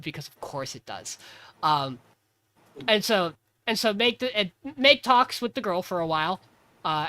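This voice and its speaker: A man hosting a podcast, casually recapping an anime episode in an animated way. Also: high-pitched. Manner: animated, acts out character lines. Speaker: podcast host.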